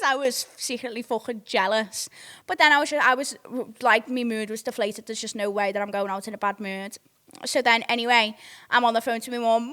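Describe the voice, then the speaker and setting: A woman in her twenties hosts a chatty podcast, her voice sitting a touch high. She rambles through an excitable, swear-filled story with plenty of filler words. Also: a little fast. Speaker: podcast host. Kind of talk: casual storytelling.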